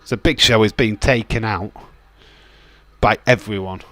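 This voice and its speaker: In a dry recording, a young man's lowish voice comes across bright and forceful at a measured pace. As host of a wrestling watch-along, he offers casual live commentary, rambling and chatting, swearing and laughing, and reading chat out loud.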